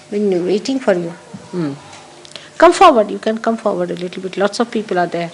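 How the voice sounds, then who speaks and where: A woman's voice: lowish voice, lively intonation, moderate pace, pauses often, darkish tone, a little hiss or hum, low-quality recording. A woman giving a spiritual talk to followers, emphatic and repeating key phrases for stress. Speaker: spiritual teacher. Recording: 1982 archive recording of a talk.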